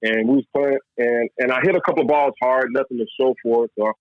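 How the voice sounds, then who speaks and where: A man's voice: mid-range voice, fast talker, no echo. A man from Louisville, a former pro baseball player, telling his story in a casual interview and tossing in "man" a lot. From Louisville, Kentucky, US. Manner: animated, repeats "man" and restarts often. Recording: dull lo-fi dry sound.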